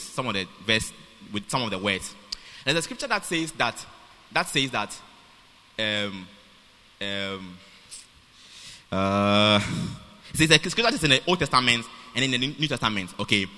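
A man's voice: mid-range voice, bright, forceful tone. A man preaching a sermon in a church, emphatic and repetitive, restarting phrases as he drives his point home. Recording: long reverb of a church hall.

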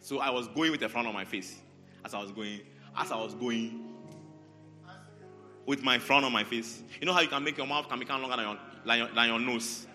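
Animated preacher in echoing hall. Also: male voice, medium pitch, fairly quick. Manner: animated, repetitive, calls out congregants by name. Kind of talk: sermon. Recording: large hall reverb, faint music.

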